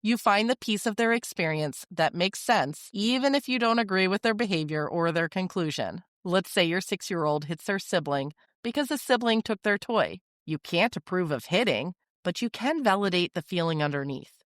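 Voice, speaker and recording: A woman hosting a parenting podcast, giving measured, reassuring instructional talk. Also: lowish voice, animated, no room sound, clean studio sound.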